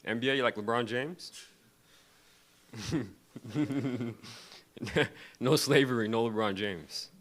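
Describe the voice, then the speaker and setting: A man's voice: medium pitch, takes it slowly, long pauses. A young man doing a loose, crowd-baiting stand-up set on a comedy club stage, laughing between his lines. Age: young adult.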